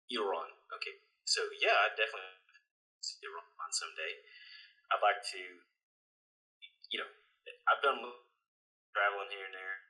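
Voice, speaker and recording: A man's voice: deep voice, brisk, pauses often, pushed and bright, rough recording. A middle-aged American man chatting casually as an interview guest, friendly and a little hesitant, often restarting his phrases. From United States. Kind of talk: casual conversation.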